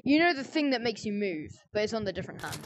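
A woman playing a VR shooter and teaching a newcomer, chatting casually and joking, with sudden loud bursts when the action picks up. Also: medium pitch, big pitch swings, fast talker, heavy background noise. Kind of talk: casual gameplay chat. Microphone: VR headset. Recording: loud gunfire in the background.

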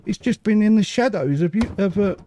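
A man casually commentating a game as he plays, muttering to himself and making quick jokes. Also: sits high, animated, dark tone, slight background noise. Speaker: gaming channel host. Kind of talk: casual let's-play commentary.

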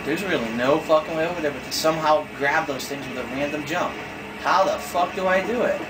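A man's voice: a little high, a little fast, rough recording. Man cursing over game music. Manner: cursing, exasperated, thinks aloud. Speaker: gamer. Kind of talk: frustrated gameplay commentary.

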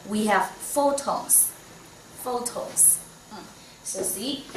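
Slow-talking Chinese-accented woman teacher. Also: medium pitch, noisy background. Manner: slow, patient, non-native English, many soft "mm"s. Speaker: Mandarin teacher. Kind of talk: one-on-one online lesson. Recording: echoey room, voice from a distance.

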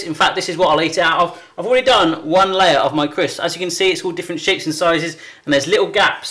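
A man's voice: sits high, sharp tone. An English man hosting a casual cooking vlog from a home kitchen, chatty, jokey and upbeat. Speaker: cooking show host.

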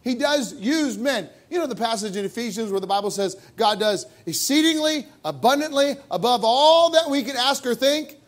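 Man, pastor, sermon, high voice, emphatic, rhetorical questions, church. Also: expressive, moderate pace, few pauses. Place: church sanctuary.

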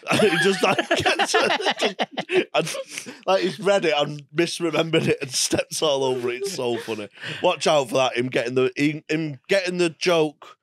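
A man's voice: a little high, big pitch swings, unhurried, a bit bright, no room sound, studio quality. Man ranting for laughs. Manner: rants and mimics people with exaggerated quotes. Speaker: comedian guest. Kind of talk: casual comedy chat.

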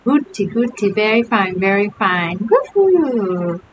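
Woman doing shrill, giddy boy Billy. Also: takes it slowly. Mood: giddy sing-song. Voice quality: shrill, sing-song. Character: wild, clowning young boy Billy. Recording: steady hiss behind the voice.

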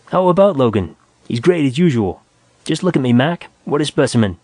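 A man's voice: medium pitch, very animated, brisk, a little mellow, no echo, voice pushed up. A man voicing a cheerful, teasing male astronaut in a science fiction audiobook, in a raised, bouncy voice.

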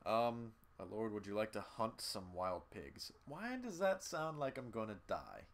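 Lively, foul-mouthed male game streamer. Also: lowish voice, a little slow. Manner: swears freely and talks straight to viewers. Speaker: gaming streamer. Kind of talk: casual live gameplay commentary, reading game text aloud.

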